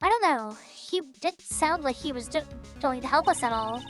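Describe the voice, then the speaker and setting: A woman's voice: high voice, lively intonation, normal speed, soft background music. A woman voicing a worried young male defense lawyer with a wry, downbeat manner.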